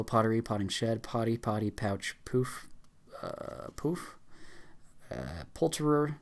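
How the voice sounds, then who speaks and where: Man rattling off words at speed. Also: on the low side. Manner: rattling off words fast, stumbling with fillers and restarts. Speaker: YouTuber. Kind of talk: rapid word-list reading.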